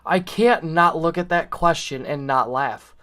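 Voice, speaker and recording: A man's voice: on the high side, unhurried, pushed and bright. A man chatting casually on a stream, laid-back, swearing often and filling with "like". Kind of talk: casual chat.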